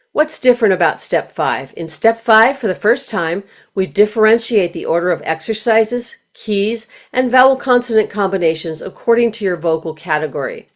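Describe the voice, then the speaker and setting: A woman voice teacher giving scripted instructional narration, speaking in a clear, measured, explanatory way. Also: mid-range voice.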